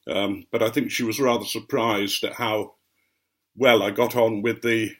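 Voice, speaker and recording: A man with a received English accent with a faint Norfolk edge, telling unhurried anecdotes in a rambling vlog with frequent ums. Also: on the low side, steady tone. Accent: mostly received English, light Norfolk. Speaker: vlogger. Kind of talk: rambling anecdotal chat to camera.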